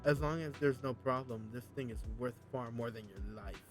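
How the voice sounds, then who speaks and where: A man's voice: mid-range voice, normal speed, soft background music, voice pushed down, lightly acted. A man voicing an arrogant, cold male crime boss, reading game dialogue aloud in a curt, commanding, dismissive way.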